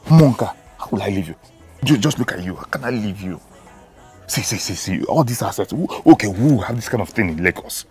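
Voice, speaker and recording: A pleading Nigerian lover, very low. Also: male voice, lively intonation, fairly quick, darkish tone, breathy edge, soft background music. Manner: coaxing, pleading. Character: pleading young man leaving his fiancée. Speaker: shop owner. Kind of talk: Nollywood film acting.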